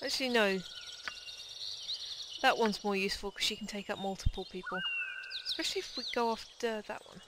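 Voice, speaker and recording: A young woman hosting a game playthrough, chatty and excitable with quick asides. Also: medium pitch. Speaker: let's play host. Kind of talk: casual gameplay commentary. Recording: noisy home commentary track.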